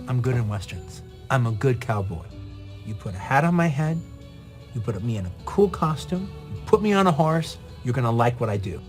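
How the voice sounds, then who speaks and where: A man's voice: medium pitch, big pitch swings, normal speed, soft background music, natural voice. A man acting out a cocky male cowboy actor in a retold story, earnest and insistent as he pleads his case. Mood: pleading, insistent.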